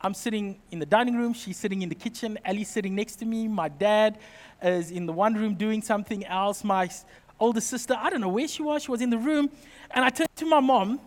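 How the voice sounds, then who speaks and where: A very high-pitched man preaches in a big hall with a long, ringing reverb. He tells stories from his own family, acting out the voices with lively asides and jokes. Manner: animated, acts out family quotes, jokey asides. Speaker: pastor. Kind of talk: sermon with personal storytelling.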